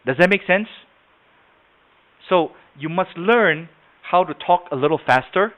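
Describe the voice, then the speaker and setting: A man's voice: fairly high pitch, a little slow, pauses often. A man running a live sales training webinar, explaining step by step and often checking in with "okay?". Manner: explains with frequent "okay?" check-ins and acted examples. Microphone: computer mic on a video call. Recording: tinny phone-like webinar audio.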